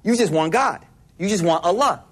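A man from Buffalo giving a casual Islamic lesson, an animated storyteller mixing slang and Arabic terms. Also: high-pitched, normal speed, husky. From Buffalo, New York, US. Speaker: Islamic teacher.

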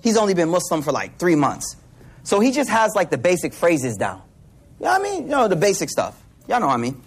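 Man, high voice, husky, casual religious lesson, animated storytelling, slang and Arabic terms. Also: a little fast. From Buffalo, New York, US. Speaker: Islamic teacher.

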